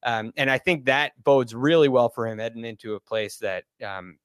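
A man's voice: medium pitch, steady tone, moderate pace, smooth, no echo. A man with a mid-range voice talks eagerly on a casual sports podcast. He speaks in a chatty way, with frequent ums. The recording is dry and close. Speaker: podcast analyst.

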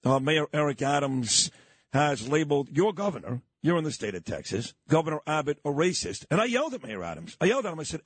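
A man's voice: fairly high pitch, big pitch swings, fairly quick, slightly rough, dry recording. A middle-aged man hosting a talk radio show, interviewing a guest in an emphatic, brash way.

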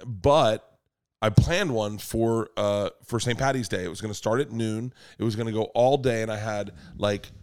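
A man, a comedian guest on a podcast, telling stories casually with swearing and bursts of loud high-pitched laughter. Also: normal speed, clean tone.

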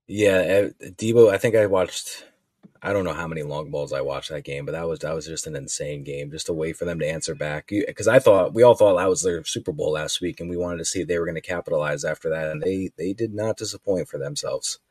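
A man hosting a casual sports podcast, relaxed and steering the talk between segments. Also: low-pitched, fairly quick, husky, no echo. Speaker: podcast host.

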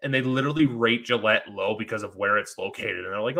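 Bright-voiced man chatting excitedly. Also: mid-range voice, fairly quick. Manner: rambling, excited, lots of fillers. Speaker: podcast host. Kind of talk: casual chat.

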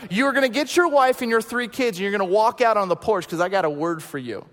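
A man acting out a bold man of God confronting a stranger, shouting in a commanding way. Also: fairly high pitch, quick pace, big-room sound, lightly acted.

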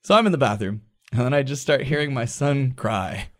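A man in his thirties co-hosting a podcast, telling a story in a casual, animated way, acting out quoted voices and swearing freely. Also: medium pitch, a little fast. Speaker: podcast co-host. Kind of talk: casual storytelling among friends.

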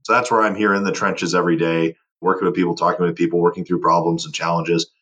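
Guest, male, deep husky voice, driven and emphatic, interview chat. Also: level tone, fast, a bit bright. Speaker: guest, board game company owner. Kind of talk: casual podcast interview.

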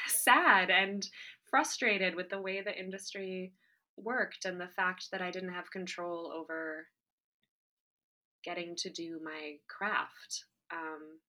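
A woman's voice: on the low side, sharp tone. A woman who hosts a podcast and acts, answering interview questions in an earnest, emotional way with many fillers and restarts. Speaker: podcast host and actor.

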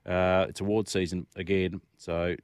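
A man with a lowish voice hosts talkback radio, chatty and playful as he reads listener messages and reminisces. The sound is dry and close, straight off a studio microphone. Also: flat delivery, moderate pace, a little mellow, clear, resonant tone, dry recording. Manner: chatty, reads listener texts aloud, playful crowd chants. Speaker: radio host.

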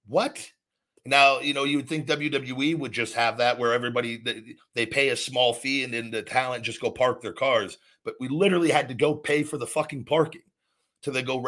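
A man's voice: medium pitch, bright, forceful tone. A man hosting a call-in show, telling stories bluntly and swearing freely. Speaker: podcast host taking callers. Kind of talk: casual profane storytelling.

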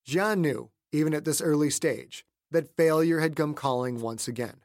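A man's voice: fairly high pitch, no room sound. Man narrating a thriller audiobook, dry sound. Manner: measured, steady storytelling delivery. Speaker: author narrating his own novel.

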